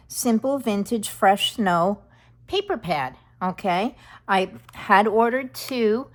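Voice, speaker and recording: A middle-aged woman hosting a casual craft tutorial, chatty and often checking in with the viewer. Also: medium pitch. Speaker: craft channel host.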